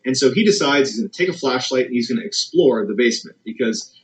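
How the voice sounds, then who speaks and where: A man's voice: lively intonation, fast, poor audio. A man narrating a dramatic true scary story, building suspense as he goes. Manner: suspenseful, builds tension with rising pitch.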